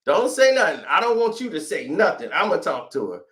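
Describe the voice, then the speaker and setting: Man, high-pitched, bright, lively, animated storyteller, acts out quotes, laughs a lot, casual chat. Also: a little fast, over a noisy crowd. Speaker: host.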